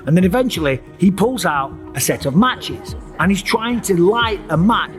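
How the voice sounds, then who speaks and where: Animated man telling a story. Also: sits high, normal speed, few pauses, soft background music. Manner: animated, acts out his own screams and voices. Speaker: host. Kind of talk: dramatic personal storytelling.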